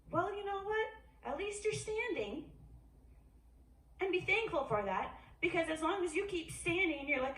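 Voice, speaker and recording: A woman giving an informal sermon, animated, acting out quoted voices with jumps in pitch. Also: moderate pace. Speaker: speaker at a worship gathering. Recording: echoey room, voice from a distance.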